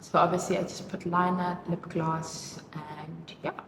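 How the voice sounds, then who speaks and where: A woman talks through her makeup routine in a casual vlog, slow and a little low-pitched. She gushes and gets emotional, with her speech full of fillers. The sound is roomy and echoey, with clear background noise. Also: level tone. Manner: emotional, gushing, many fillers. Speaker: vlogger. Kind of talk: casual chat while doing makeup.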